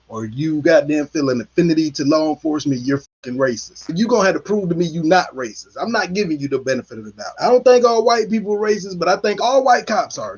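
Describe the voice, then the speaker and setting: A man's voice: a little high, breathy edge. A man delivering an angry, blunt commentary monologue full of profanity and repetition. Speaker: political commentary host. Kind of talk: heated monologue. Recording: dull lo-fi recording.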